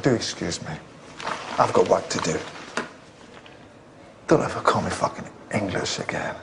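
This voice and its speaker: Malcolm Tucker, sneering spin doctor. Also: male voice, deep voice, moderate pace, vocal fry, background noise. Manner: sharp, sneering, sarcastic put-downs. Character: foul-mouthed, combative male political spin doctor. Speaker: film character in a clip.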